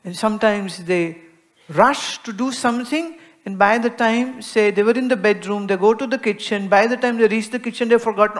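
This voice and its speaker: An Indian-accented woman delivering a spiritual discourse to an audience. She speaks with lively expression, dropping to a soft hush and then rising to emphasis as she explains, often acting out little everyday exchanges. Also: a little high, normal speed. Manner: expressive, acts out everyday dialogues, swings between soft and emphatic. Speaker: spiritual teacher.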